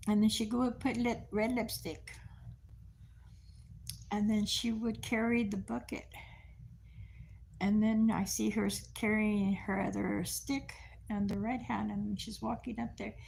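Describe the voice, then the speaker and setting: A woman's voice: mid-range voice, little pitch movement, unhurried, gravelly, pauses often, a little mellow, slight background noise. An older woman telling family stories on a livestream, laughing often and putting on the voices of her relatives. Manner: firm commands to a dog. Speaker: livestream host. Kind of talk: casual storytelling on a livestream.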